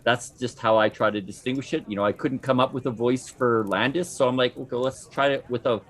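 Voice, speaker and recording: A man talking fast and eagerly in a casual discussion about playing a tabletop game. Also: mid-range voice, steady tone. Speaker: player.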